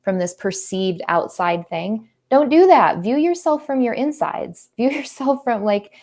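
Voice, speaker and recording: A woman's voice: fairly high pitch, lively intonation, a little slow, darkish tone. A woman artist and teacher chatting casually while she paints, earnest and a little preachy as she drifts into pep talks. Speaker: artist and teacher hosting a live creative stream.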